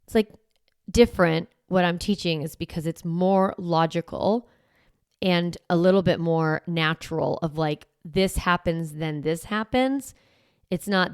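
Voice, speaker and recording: A woman's voice: fairly low pitch, a little slow, clear, resonant tone, no echo, clean studio sound. A middle-aged woman coaching parents, speaking casually to camera in a chatty way with lots of "like". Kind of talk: casual talk to camera promoting a course.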